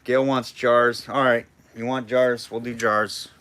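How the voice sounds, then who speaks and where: Male auctioneer for a live online sale, chatty and jokey, bright forward voice, calls bids in between banter. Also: mid-range voice, flat delivery, unhurried, no echo. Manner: chatty, jokey, reads out bids and names viewers.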